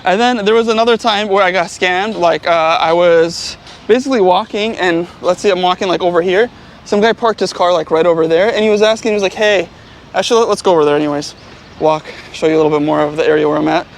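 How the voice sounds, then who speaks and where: Here a travel vlogger talks quickly in a high voice while strolling outdoors on a city street. His casual storytelling rambles, heavy with "like" and "you know," over slight background noise.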